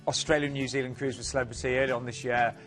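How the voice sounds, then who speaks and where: A man's voice: medium pitch, fairly even intonation, very fast, a bit bright, faint music behind. A man co-presenting a TV cruise sales show, upbeat and pushing the offers. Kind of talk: casual studio sales chat.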